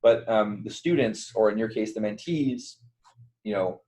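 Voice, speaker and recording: A man's voice: on the low side, measured pace, darkish tone, poor audio. A young man giving a casual online training to volunteer mentors, loose and conversational, with lots of fillers and restarts. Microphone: computer mic on a virtual call.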